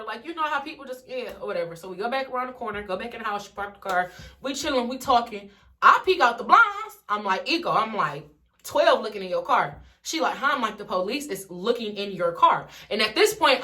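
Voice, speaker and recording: A young woman vlogger from Detroit tells a wild story straight to camera, her voice sitting a little high and sounding bright and forceful. She swears freely and jumps into everyone's lines as she goes. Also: brisk. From Detroit, USA. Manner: animated, swears freely, acts out the dialogue. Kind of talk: casual storytime vlog.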